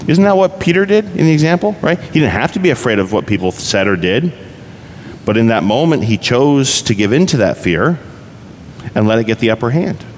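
A man's voice: mid-range voice, animated, a little fast. A pastor preaching a conversational sermon, asking his listeners rhetorical questions. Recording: reverberant hall, faint background noise.

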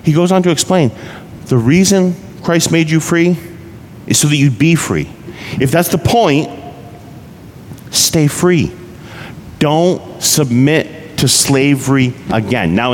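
A pastor preaching a conversational sermon, asking his listeners rhetorical questions. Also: medium pitch. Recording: reverberant hall, faint background noise.

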